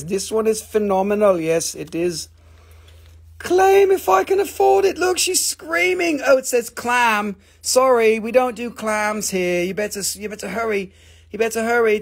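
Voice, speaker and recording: A man sells crystals on a live stream and keeps up a steady run of silly jokes with his buyers. His voice sits high and has a gravelly, crackly edge. He teases, counts buyers down, and lets his pitch jump suddenly when he gets excited. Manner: goofy, teasing, jumps into high excited squeals. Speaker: host of a live online rock and mineral sale. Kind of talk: joking live-stream sales banter.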